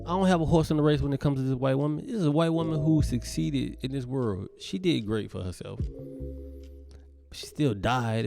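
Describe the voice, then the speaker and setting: His gravelly, mid-range voice drives a profane, emphatic rant on his solo podcast. He's an American comedian who lurches from loud outbursts to hushed asides.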